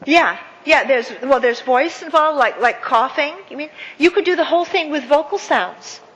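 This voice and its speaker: A woman speaker leading an audience through a counting and clapping exercise, with many fillers and warm praise. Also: sits high, moderate pace, muffled recording. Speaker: guest speaker. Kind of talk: interactive workshop talk. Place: event hall with audience. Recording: echoey hall with faint ambience.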